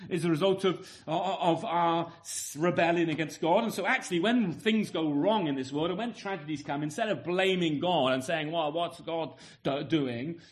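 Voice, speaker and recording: At a normal pace and with few pauses, a man with a high voice gives an earnest sermon to his listeners. He habitually makes statements into rhetorical tag questions, and he restarts and repeats words midway through ideas.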